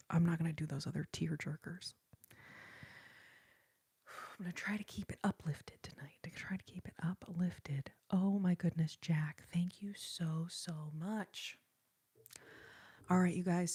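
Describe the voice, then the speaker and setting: A young woman hosting a live stream, talking gently in a half-whisper and laughing easily as she thanks viewers. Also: lowish voice, husky, dry recording. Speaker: ASMR and singing live-stream host. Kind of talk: soft-spoken live-stream chat reading viewer comments. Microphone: sensitive studio microphone.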